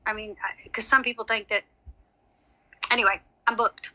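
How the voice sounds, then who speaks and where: A woman's voice: a little high, steady tone, normal speed, sharp tone, low-quality recording. A woman, chatting casually with her livestream viewers as a psychic medium, rambling on and calling them honey and sweetie.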